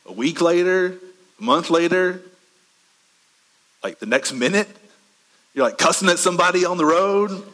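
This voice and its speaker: Man, pastor preaching, bright tone, conversational, rhetorical questions, hall reverb. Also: sits high, animated. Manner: conversational preaching with rhetorical questions, swings from fast to slow and soft. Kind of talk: sermon.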